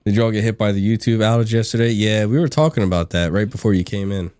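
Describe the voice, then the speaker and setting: A man hosts a live game stream and chats loosely with his viewers while he plays. His voice sits low, and he laughs easily and often. He replies to the chat as he goes. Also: fast talker, a little mellow. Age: adult. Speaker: livestream gaming host. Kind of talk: casual chat while gaming.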